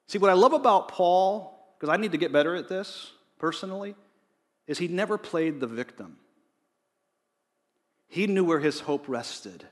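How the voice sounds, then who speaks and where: A man's voice: high voice, animated, moderate pace, pauses often. A man preaching a sermon in a conversational way, rising to emphatic readings of scripture. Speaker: pastor. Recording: long reverb of a large hall.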